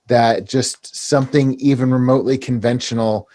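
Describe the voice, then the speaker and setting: A man talks through his film opinions in a casual podcast chat. He wanders a little as he talks, pausing with hesitant fillers between points. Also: medium pitch, steady tone, warm tone. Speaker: podcast co-host.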